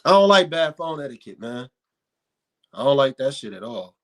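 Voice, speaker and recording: A man's voice: mid-range voice, moderate pace. A man in casual podcast chat, telling stories with lots of swearing and emphatic repetition. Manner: animated, profane storytelling, emphatic repetition.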